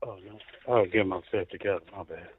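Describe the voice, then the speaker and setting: A man's voice: deep voice, fairly even intonation, quick pace, husky, no room sound. A man calling in to a radio show, talking in a laid-back, insistent way. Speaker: caller. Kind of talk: phone call-in chat. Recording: tinny dry phone line.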